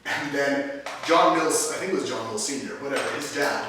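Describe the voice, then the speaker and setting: A man's voice: mid-range voice, moderate pace, sharp tone, slight background noise. A man giving a chatty, casual classroom talk to a small group. He laughs often and restarts his sentences. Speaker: teacher. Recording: echoey room from a distance.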